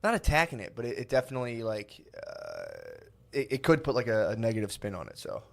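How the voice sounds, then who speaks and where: A man's voice: lowish voice, wildly swooping pitch, fairly quick, gravelly. Rambling man on a podcast. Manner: rambling, self-deprecating, frequent restarts and "dude". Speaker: podcast co-host. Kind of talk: casual podcast chat.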